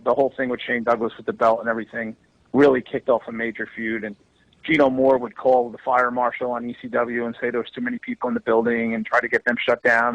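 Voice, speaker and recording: A man's voice: mid-range voice, gravelly, no room sound, phone-quality sound. A man who is a wrestling promoter, telling stories in a casual podcast chat and swearing freely. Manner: animated storyteller, swears freely.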